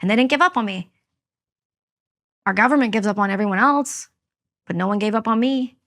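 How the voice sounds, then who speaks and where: A woman's voice: mid-range voice, a little fast, fairly bright tone. A woman from Canada, a veteran and guest, telling a personal story in an interview, candid and blunt.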